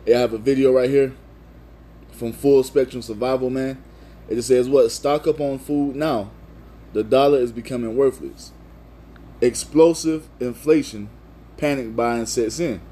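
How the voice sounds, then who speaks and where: A man's voice: medium pitch, mellow, slight background noise. A man preaching in a video sermon, reading scripture and driving each point home with repeated "man" and "you see.".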